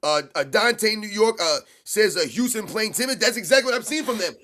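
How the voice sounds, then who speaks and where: A man co-hosting a live basketball reaction stream, talking fast and emphatically, repeating his points. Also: high-pitched, expressive, bright, forceful tone. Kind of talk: excited live game commentary.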